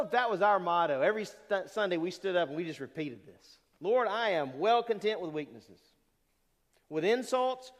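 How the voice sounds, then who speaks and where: Male pastor, high and animated delivery, sermon in a church with long reverb. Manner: animated preaching, rhetorical questions to the congregation.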